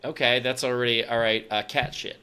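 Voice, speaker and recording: Bright-voiced man, hesitant. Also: medium pitch, fairly even intonation, a little fast, clear, resonant tone. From United States. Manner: hesitant, answers with fillers. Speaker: podcast co-host. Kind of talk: casual comedic chat.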